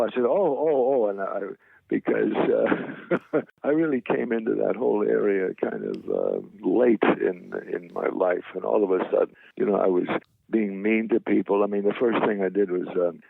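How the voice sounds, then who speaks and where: An older man with a deep, gravelly, husky voice tells rambling, self-deprecating stories in a casual interview. His voice comes through a tinny, dry, phone-like line. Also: no room sound. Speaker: guest, veteran actor.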